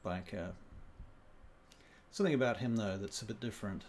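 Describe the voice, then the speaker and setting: Gravelly guy running a tabletop game, matter-of-fact narration. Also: on the low side, normal speed, slight background noise. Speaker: game master.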